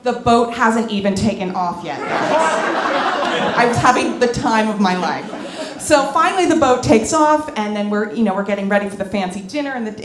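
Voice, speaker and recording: A woman telling a comic story on stage to a live audience, animated and candid, often laughing as she talks. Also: medium pitch, roomy sound, slight background noise. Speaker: comedic storyteller. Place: club stage before an audience.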